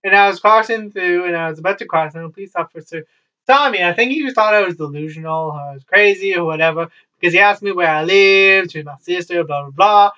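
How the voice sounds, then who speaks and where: Bright high-voiced young man, rambling. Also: fairly quick. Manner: rambling, swears freely, wry asides. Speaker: vlogger. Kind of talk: casual storytelling. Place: at home, child nearby. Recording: dull lo-fi, from a distance.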